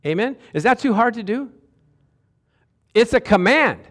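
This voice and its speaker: A man preaching a sermon to a congregation, animated and calling out to them for answers. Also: extremely high pitch, unhurried. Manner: animated, calls out to the congregation for responses. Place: church sanctuary with a congregation.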